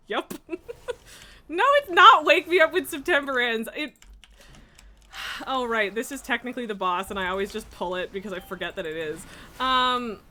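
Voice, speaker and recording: Woman streamer, high-ish bright voice, slow easy chatter, lots of laughing and swearing. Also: expressive. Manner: laughs often, swears casually. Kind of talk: casual chat while gaming.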